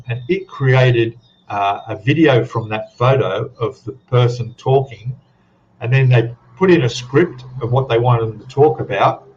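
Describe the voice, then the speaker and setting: An Australian man talks loosely to his live viewers, wandering from one thought to the next and tagging his remarks with a questioning "eh?". His voice sits in a middle pitch, and the stream audio sounds dull and lo-fi. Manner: rambling, chatty, tags questions with "eh?". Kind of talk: casual chat to a live audience.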